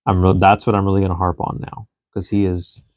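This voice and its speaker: A man's voice: sits low, little pitch movement, brisk, darkish tone, no room sound, clean studio sound. A man in his thirties co-hosting a podcast, venting in casual chat about parenting and acting out his child's lines. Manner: exasperated, venting, acts out quotes of his child. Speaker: podcast co-host.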